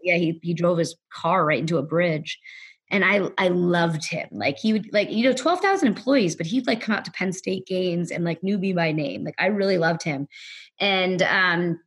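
A woman's voice: fairly low pitch, moderate pace, slightly rough. A woman guest on a podcast interview, telling a story casually, full of "like" fillers, sometimes acting out what others said. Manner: rambling, heavy use of "like" fillers; acts out other people's lines in quoted voices.

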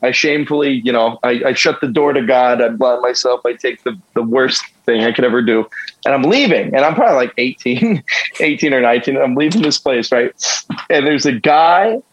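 A man's voice: mid-range voice, dull audio. A man in his twenties from Northeastern Pennsylvania, a guest on a podcast, telling a rambling, self-deprecating comic story with plenty of swearing. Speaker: band member, podcast guest.

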